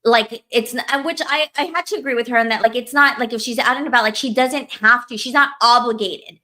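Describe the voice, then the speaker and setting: A woman's voice: a little high, fairly quick, sharp tone. A woman co-hosting a podcast, ranting in casual chat, heated and profane, full of filler words. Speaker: podcast co-host.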